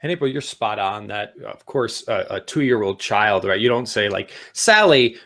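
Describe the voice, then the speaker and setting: A middle-aged man co-hosting a talk show, giving casual advice and speeding up as he gets excited. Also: on the low side, normal speed. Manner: animated, speeds up when excited. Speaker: podcast co-host.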